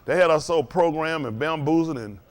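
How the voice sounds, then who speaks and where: Fairly quick and a little high in pitch, a man's voice carries a casual, conversational sermon. He chuckles often, pressing the congregation for agreement with "ain't that right?"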